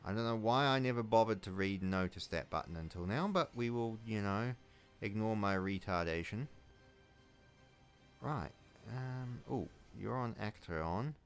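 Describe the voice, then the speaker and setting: A man with a New Zealand accent giving casual commentary while playing a strategy game, muttering to himself and swearing loudly when things go wrong. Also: fairly low pitch, animated, a little slow, clean tone, faint music behind. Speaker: video game let's player.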